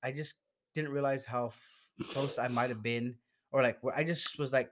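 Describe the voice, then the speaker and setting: A man's voice: medium pitch, steady tone, moderate pace. A man telling a long, profane story in casual chat, stumbling over his words and laughing as he goes.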